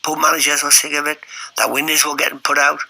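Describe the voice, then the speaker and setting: Gravelly, husky man. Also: on the high side, monotone, quick pace, bright, forceful tone, low-quality recording. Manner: blunt, matter-of-fact. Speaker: interviewee, former publican. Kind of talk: casual storytelling.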